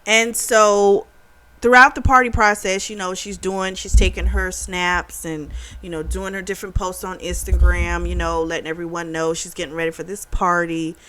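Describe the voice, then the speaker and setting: A woman giving a casual spoken book review, retelling the plot in a chatty, animated way. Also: lowish voice, normal speed.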